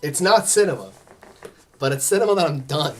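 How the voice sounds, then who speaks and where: A let's play gamer comments casually while playing, muttering encouragement to themselves and joking with chat. The voice is medium-pitched, animated and brisk, with faint music in the background.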